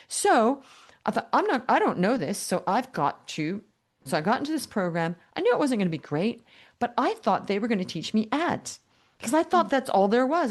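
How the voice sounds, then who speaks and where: An older woman guest telling her business story in an interview, animated and humorous, acting out both sides of past conversations. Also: medium pitch. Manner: animated, acts out dialogue with quoted voices, humorous.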